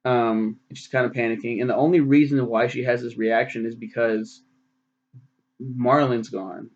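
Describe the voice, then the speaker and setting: A man's voice: mid-range voice, lo-fi sound. A man in his twenties casually recapping a film, rambling with lots of fillers and swearing. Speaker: film reviewer.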